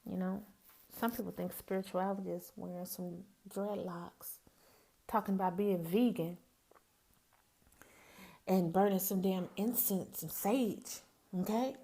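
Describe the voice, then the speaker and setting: Southern woman from mississippi, mid pitched voice, frank folksy monologue, calls you baby. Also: steady tone, unhurried, vocal fry, pauses often, mellow. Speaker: podcast host. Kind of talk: personal monologue.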